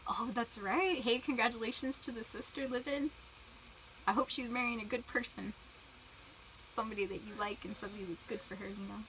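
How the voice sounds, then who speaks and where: A woman's voice: a little high, steady tone, brisk, a bit bright, slight background noise, rough recording. A young woman livestreaming in casual chat, giggling, greeting viewers by name and talking while eating.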